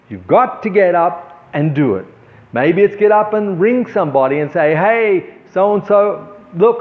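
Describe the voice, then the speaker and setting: Older male host, earnest and deliberate, lively high voice, phone-like audio. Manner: earnest, slow and deliberate with long pauses. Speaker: art show host. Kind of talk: motivational talk to camera. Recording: tinny phone-like sound.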